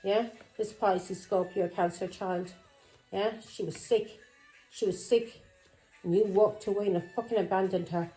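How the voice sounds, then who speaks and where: Woman tarot reader. Mellow voice, accusing and confrontational, punctuates with "Yeah?" over faint music. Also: mid-range voice, fairly even intonation, unhurried, poor audio. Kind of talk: tarot reading monologue.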